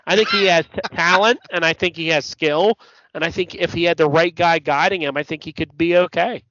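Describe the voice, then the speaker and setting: A man co-hosting a podcast, chatting casually about sports, blunt and profane, telling stories with animated asides. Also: fairly high pitch, brisk, dry recording. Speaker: podcast co-host. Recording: dull lo-fi podcast audio, dry.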